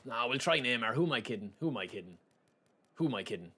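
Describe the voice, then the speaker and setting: A man's voice: medium pitch, lively intonation, fast talker, pushed and bright, husky. A man giving casual, joking live commentary while he plays a football game and chats to his viewers. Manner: chatty and joking, talks to viewers as lads. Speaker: gaming streamer.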